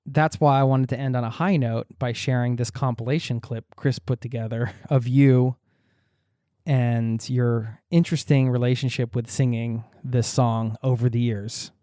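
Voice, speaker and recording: A man's voice: medium pitch, steady tone, moderate pace, mellow, dry recording, studio quality. A man hosting a podcast in casual chat, playfully teasing his co-host and laughing often.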